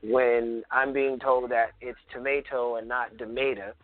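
A man from South Carolina, a guest in an interview, talking thoughtfully with many pauses and ums as he tells stories. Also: medium pitch, flat delivery, no echo. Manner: thoughtful, frequent ums, storytelling. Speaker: guest, cultural preservationist. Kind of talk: conversational interview. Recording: phone-like lo-fi audio.

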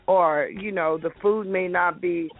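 A woman's voice: lowish voice, steady tone, measured pace, dry recording. A woman calls in to a radio show and rambles hesitantly, repeating words as she searches for them. Her voice comes through a thin, tinny phone line. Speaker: caller. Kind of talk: casual call-in question.

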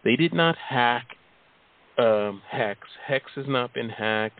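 A man hosting a call-in show, speaking in a measured way with many fillers. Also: medium pitch, no room sound. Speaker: host. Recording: phone-like line.

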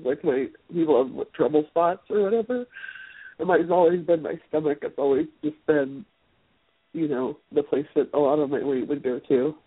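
A woman speaks softly and hesitantly as she takes part in a guided session, often stopping to restart her sentences. Her voice sounds thin and phone-like. The sound is dry, with no room echo. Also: deep voice, normal speed, breathy edge. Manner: hesitant, soft, many fillers and restarts.

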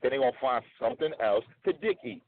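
A man's voice: medium pitch, wildly swooping pitch, fast. A man guesting on a radio show, telling his side in a blunt, emphatic way and repeating points for stress. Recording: phone-like narrow sound.

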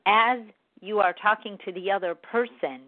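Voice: medium pitch, moderate pace. Earnest speaker on a tinny line. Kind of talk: reflective spoken monologue. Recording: tinny phone-like dry recording.

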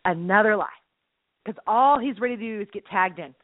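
A woman co-hosting a faith chat, bubbly and quick to burst into laughter as she acts out lines. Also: medium pitch, no room sound. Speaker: podcast co-host. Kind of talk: casual chat about faith. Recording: tinny phone-like line.

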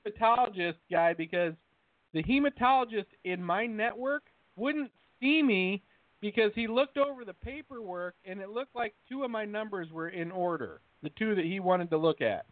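A man's voice: high voice, animated, moderate pace, no room sound. Give me a man telling a heated, profane story in casual chat over a dry line with no room sound. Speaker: podcast co-host. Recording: tinny phone-like line, dry.

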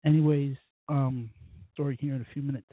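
A man's voice: mid-range voice, fairly even intonation, brisk, dry recording. A drunk man hosting a podcast, rambling profanely through stories with quoted asides. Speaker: podcast host. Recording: tinny phone-like line, husky voice.

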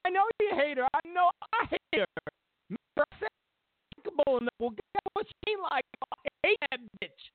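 A man doing a mocking impression of a politician yelling like a stern school principal, voice pushed high and strained. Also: expressive, fairly quick, slight background noise. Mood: ranting. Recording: tinny phone-like line.

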